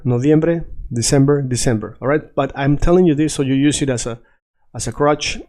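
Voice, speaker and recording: A man's voice: mid-range voice, a little mellow. A man teaching a lesson in English, patiently repeating words for learners. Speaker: Spanish teacher. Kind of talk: language lesson.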